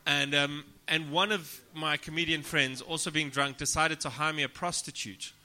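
A man's voice: on the high side, steady tone, moderate pace, bright, forceful tone. A man, a comedian guest, telling crude, self-deprecating stories on a casual podcast and often laughing as he talks. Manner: laughs through his own stories.

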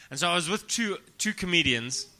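A man's voice: sits high, animated, normal speed, bright, forceful tone. A man, a comedian guest, telling crude, self-deprecating stories on a casual podcast and often laughing as he talks. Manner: laughs through his own stories.

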